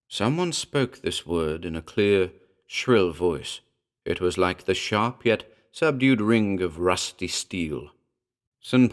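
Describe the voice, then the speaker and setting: Casting: low-voiced male narrator, measured and dramatic, for a scripted horror audiobook.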